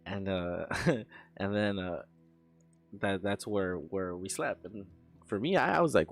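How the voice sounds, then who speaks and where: A man's voice: low-pitched, measured pace, creaky, long pauses, soft background music. A young man streaming while he works on an animation, chatting casually, rambling, laughing and swearing as he tells stories.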